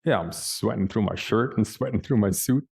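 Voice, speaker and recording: A man's voice: fairly low pitch, normal speed, vocal fry, darkish tone, slightly rough. Man telling a dramatic personal story. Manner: dramatic, vivid storytelling with big swings in emphasis. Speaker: panel speaker.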